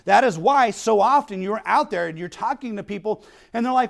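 A man's voice: high-pitched, expressive, a little fast, gravelly. A male pastor preaching a sermon in a blunt, emphatic way, often checking in with "okay?".

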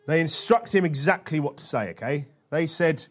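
A male preacher giving a sermon in a conversational way, often checking in with questions like "okay?" and slowing down to stress scripture. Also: on the high side, animated. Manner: conversational, with frequent tag questions; slows and stresses quoted scripture.

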